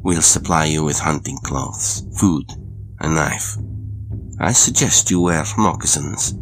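A coldly courteous aristocratic hunter, read by a man for an audiobook. His voice sits extremely deep, and he speaks with polite, unhurried menace while faint music plays. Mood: courtly menace. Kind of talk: audiobook dramatic reading.

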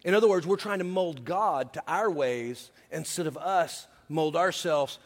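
A male preacher with a notably high voice that rings through a large church hall with a long reverb tail. He tells personal stories with a humorous, confiding touch, then turns earnest as he urges his listeners on. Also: unhurried. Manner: humorous, confiding storyteller turning to earnest exhortation. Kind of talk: sermon with personal storytelling.

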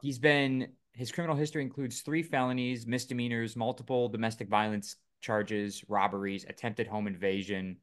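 A man's voice: mid-range voice, steady tone, moderate pace, few pauses. A man co-hosting a casual podcast, reading news items aloud with lots of fillers and joking asides. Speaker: podcast co-host. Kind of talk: casual chat.

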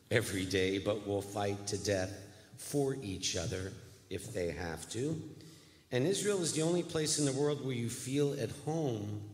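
A man, a rabbi giving an earnest, folksy guest speech in a church sanctuary. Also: fairly low pitch. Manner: folksy, earnest, self-deprecating. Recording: echoey church hall.

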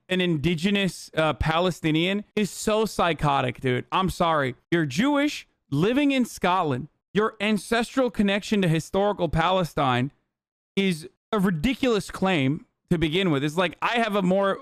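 A man's voice: on the high side, fairly bright tone, clean tone, dry recording, clean studio sound. A young man streaming heated, profane political commentary, full of fillers and swearing. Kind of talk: casual ranting commentary.

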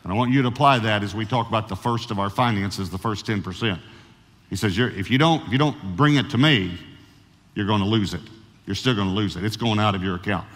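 A man preaching a sermon as pastor, who slows down to stress key words and often restarts his sentences. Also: fairly low pitch, fairly bright tone. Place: large church. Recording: church sanctuary reverb.

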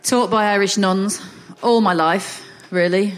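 A woman's voice: mid-range voice, fairly even intonation, measured pace. A middle-aged woman from Lancashire, chatting as a podcast guest on a festival stage, laughing and acting out the people in her stories. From Lancashire, England. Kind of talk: casual chat, anecdotes. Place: festival stage before a live audience. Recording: reverberant live stage audio.

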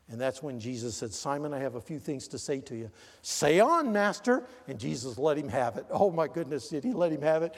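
An older male pastor preaching with a high-pitched voice, driving home words loudly and then dropping low and quiet. His sermon rings with a long reverb in a church sanctuary. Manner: emphatic preaching, swings between loud stressed words and low quiet asides.

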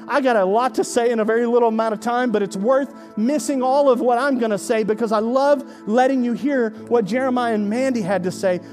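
A male pastor preaching a sermon in a conversational way, with sarcastic asides, swinging from hushed lines to emphatic ones. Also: extremely high pitch.

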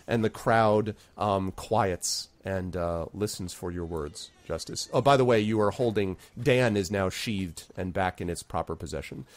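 A man's voice: low voice, no room sound. A man narrating as game master of a tabletop game, loosely, with many ums and uhs.

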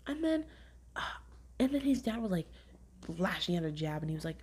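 A woman's voice: lowish voice, brisk, long pauses, slightly rough. A young woman hosting a podcast, chatting casually in a rambling way with lots of "like", often dropping to a half-whisper. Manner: rambling, heavy use of "like", animated retelling. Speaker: podcast host. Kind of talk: casual review chat.

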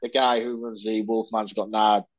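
Low-voiced man chatting on a podcast. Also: little pitch movement, normal speed, no echo, muffled recording. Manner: rambling, self-mocking storyteller. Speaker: podcast co-host. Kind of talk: casual chat.

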